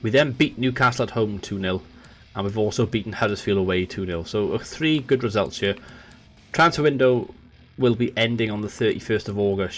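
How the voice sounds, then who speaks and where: A man hosting a gaming video, chatting to viewers and calling the match like a commentator, his voice jumping up when a goal comes. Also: fairly low pitch. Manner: excitable, voice jumps up on goals; chatty, talks to viewers directly. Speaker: gaming channel host. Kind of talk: let's play with football commentary.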